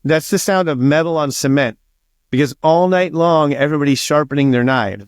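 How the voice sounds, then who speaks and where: A man's voice: a little high, brisk, smooth, no room sound. Man telling stories in a dry close-up sound. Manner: swears freely and acts out quoted dialogue. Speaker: interviewed author. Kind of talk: casual storytelling interview.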